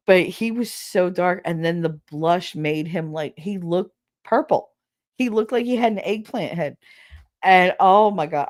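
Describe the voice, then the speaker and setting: A woman's voice: fairly low pitch, a little mellow. A middle-aged woman hosting a podcast, telling a story in a casual, blunt and profane way, laughing as she goes. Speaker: podcast host.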